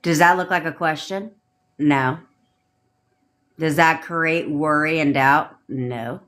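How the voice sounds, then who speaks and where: A woman's voice: low-pitched, slow pace, fairly bright tone. A woman manifestation coach on a livestream, ranting bluntly with lots of swearing and repeating commanding affirmations.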